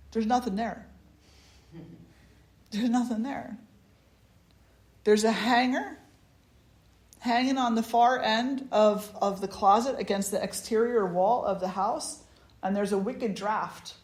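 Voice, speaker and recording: A woman spiritual teacher telling a personal story at a gathering, in a conversational way with many restarts and asides. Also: medium pitch. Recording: echoey room.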